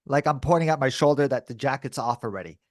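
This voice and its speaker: A man's voice: medium pitch, quick pace, no echo. A man co-hosting a podcast and telling a story in casual chat, with a mid-range voice. He acts out the other people's lines and often throws in dude and bro. The sound is close and dry. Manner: animated, acts out quoted dialogue. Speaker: podcast co-host.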